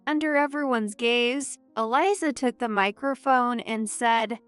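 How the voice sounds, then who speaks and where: A woman narrating a dramatic family story in the first person, in an even, measured way. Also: on the high side, clean tone, soft background music.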